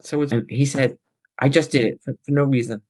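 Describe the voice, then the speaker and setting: A woman's voice: very deep voice, steady tone, a little fast, a little mellow. A woman working as a psychic medium, talking casually and rambling as she relays messages from spirits. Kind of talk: casual paranormal chat.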